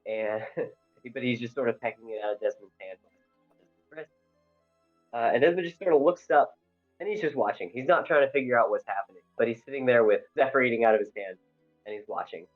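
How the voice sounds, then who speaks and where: A man playing a tabletop game, describing his character's actions in a relaxed way. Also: medium pitch, fairly quick, faint music behind. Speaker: player. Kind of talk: tabletop role-play chat. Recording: tinny phone-like call audio.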